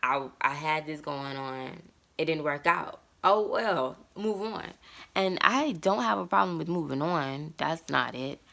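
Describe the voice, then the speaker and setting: Low, gravelly woman in her thirties. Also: lively intonation, unhurried, a bit bright. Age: 30s. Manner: reflective, emotional and candid. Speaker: vlogger. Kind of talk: candid personal monologue.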